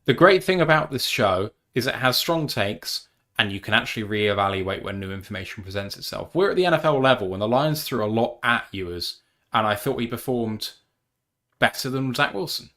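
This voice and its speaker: A man's voice: medium pitch, animated, fairly quick, pushed and bright. A British man hosting a casual live-stream sports chat, emphatic and opinionated. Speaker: podcast host.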